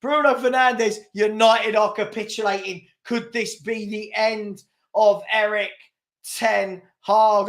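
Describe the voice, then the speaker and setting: Excitable football fan host. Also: male voice, sits high. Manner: excitable, exasperated, quick to laugh. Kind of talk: live football watchalong commentary.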